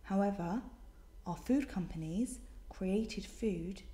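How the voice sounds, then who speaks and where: A woman's voice: mid-range voice, takes it slowly, warm tone. Chatty British woman, echoey room. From Britain. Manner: chatty, exasperated and sarcastic. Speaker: vlogger. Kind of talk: casual vlog answering questions.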